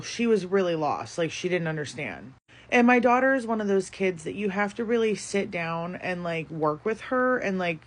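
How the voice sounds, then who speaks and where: A woman in her thirties telling a story about her daughter's school, frustrated and chatty, with many fillers. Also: medium pitch. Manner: frustrated, talks fast with many fillers like "like" and "you know". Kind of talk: casual storytelling monologue.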